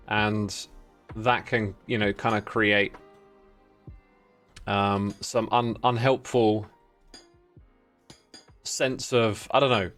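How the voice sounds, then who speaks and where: A man's voice: medium pitch, a bit bright. A man in his thirties chatting casually on a game livestream, easygoing and rambling, reading out viewer names and messages. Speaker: livestreaming gamer.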